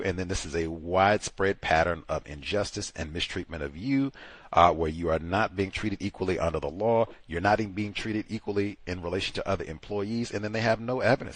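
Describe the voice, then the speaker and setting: A low-pitched man hosts a call-in advice show, speaking emphatically and with animation. His voice sounds dry and close, with no room around it. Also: no room sound. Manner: animated, emphatic, acts out other people mockingly. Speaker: host.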